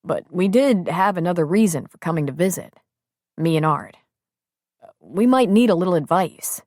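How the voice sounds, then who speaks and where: A woman's voice: on the low side, animated, normal speed, a little mellow, no echo, clean studio sound, natural voice. A woman voicing an earnest, protective man who speaks carefully and directly.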